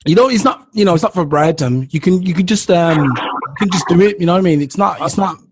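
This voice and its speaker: A man's voice: high voice, fast, noisy background. A man hosting a casual podcast chat, playful and teasing, often opening with "yo". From Jamaica. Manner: playful, teasing, loud interjections of "yo". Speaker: podcast host.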